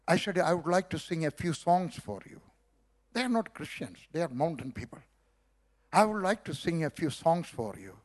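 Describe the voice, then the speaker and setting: A middle-aged man from South India with an Indian accent, telling a story as a sermon and acting out the dialogue. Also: on the high side. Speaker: preacher. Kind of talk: sermon testimony.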